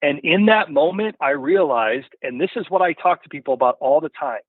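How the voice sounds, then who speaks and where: A man's voice: on the high side, expressive, fairly quick, no room sound. A man telling a story as a podcast guest, rambling and checking in with "you know" and "right?" all the time. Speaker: podcast guest from a hunting gear company. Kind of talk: casual storytelling in an interview. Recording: tinny phone-line sound.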